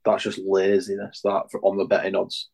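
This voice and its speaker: A man's voice: low-pitched, monotone, moderate pace, creaky, a little mellow, breathy edge. A laid-back man on a football podcast panel. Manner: laid-back, acts out imagined thoughts. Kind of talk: casual football chat.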